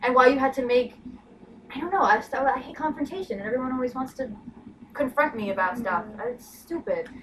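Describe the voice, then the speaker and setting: A young woman rattles through a workplace story in a casual chat, peppering it with "like" and "you know". Her voice sits fairly high and she talks quickly. She sounds set back from the mic, over a clear bed of background noise. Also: recorded from a distance. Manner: chatty, lots of "like" and "you know". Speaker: podcast co-host.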